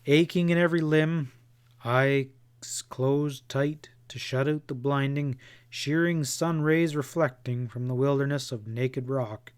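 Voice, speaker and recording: A man narrating a western novel as an audiobook, in a measured storytelling read. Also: medium pitch.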